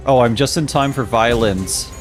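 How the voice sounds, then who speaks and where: Young male streamer, casual jokey chat, mid-pitched voice, game music loud behind. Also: normal speed. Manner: playful, jokey, laughs often. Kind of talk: casual live-stream commentary, reading chat.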